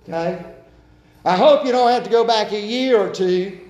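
A man preaching a sermon as pastor, earnestly urging and then dropping to quiet pleading. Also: high voice, normal speed. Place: church sanctuary. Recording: echoey church room.

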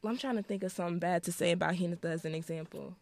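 A woman's voice: lowish voice, rapid-fire, creaky, darkish tone, no room sound. A teenage girl hosting a casual podcast, teasing her friends with joking banter. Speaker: podcast host. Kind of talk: casual teen podcast chat.

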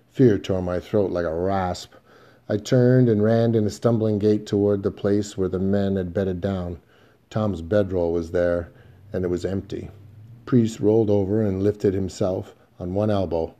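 A man narrating a western audiobook in the first person, in a steady, measured storytelling manner. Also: lowish voice.

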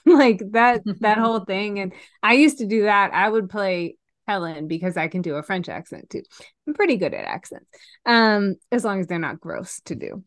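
A middle-aged woman chats animatedly on a podcast, restarting her sentences as she goes. Her voice sits at an ordinary pitch for a woman. The recording is dry and close, with no room sound. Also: a little slow, no room sound. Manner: animated and chatty, trailing off and restarting. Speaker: podcast co-host. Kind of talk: casual chat reviewing a film.

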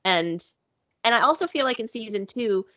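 A woman's voice: on the high side, animated, moderate pace, sharp tone, lo-fi sound. A woman in casual conversation, chatty and upbeat, filling her talk with "like" and "you know". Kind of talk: casual chat.

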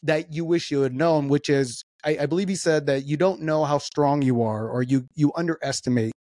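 A man's voice: a little high, normal speed, darkish tone, no room sound, studio quality. Laid-back swearing male podcast host. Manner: laid-back, swears freely, many fillers. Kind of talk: casual interview chat.

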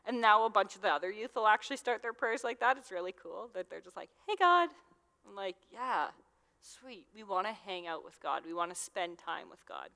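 A woman's voice: mid-range voice, fairly quick, creaky, bright, forceful tone. A young adult woman giving a casual, conversational sermon as a youth minister, with lots of fillers. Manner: chatty, conversational, with many fillers. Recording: long hall reverb.

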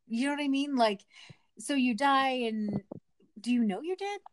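A woman's voice: high-pitched, animated, normal speed, a little hiss or hum. A woman in her forties co-hosting a casual chat, dry and skeptical, musing aloud. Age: 40s.

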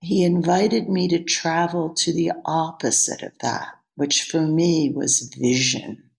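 A woman's voice: deep voice, fairly even intonation, takes it slowly, creaky. A woman, a yoga teacher, telling a candid personal story as an interview guest. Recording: roomy echo.

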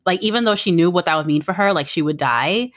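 A woman's voice: lowish voice, quick pace, no echo, clean studio sound. A woman co-hosting a podcast, recapping drama scenes in a rambling, heartfelt way. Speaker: podcast co-host. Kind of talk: casual chat recapping a drama.

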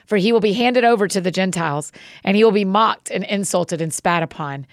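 A woman reading the words of Jesus, a calm male teacher, in a measured, solemn scripture reading. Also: mid-range voice, dry recording, clean studio sound, lightly acted.

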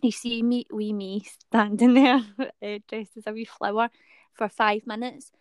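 A woman's voice: on the high side, flat delivery, unhurried, a little mellow, clear, resonant tone, no echo, clean studio sound. A young woman with a Scottish accent, chatting casually with plenty of fillers. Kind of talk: casual chat.

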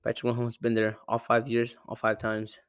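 A man's voice: mid-range voice, monotone, normal speed, clean tone, dry recording. Young guy from Arizona, loose and profane, self-correcting sports rant, dead-dry close mic. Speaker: sports podcaster. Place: home room with a cat. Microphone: close desk mic.

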